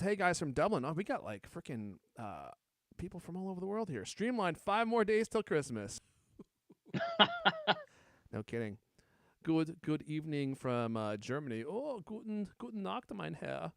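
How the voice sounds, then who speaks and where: A podcast host with a voice on the high side runs a live-streamed show in a casual, joking manner, teasing his co-hosts and reading viewer comments aloud. The sound is clean studio quality with no room sound.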